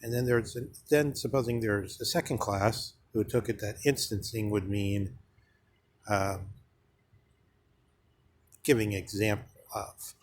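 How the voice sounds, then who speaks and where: A man giving a slow, halting philosophical monologue, full of pauses and fillers. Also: fairly low pitch, steady tone. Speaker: speaker on philosophy.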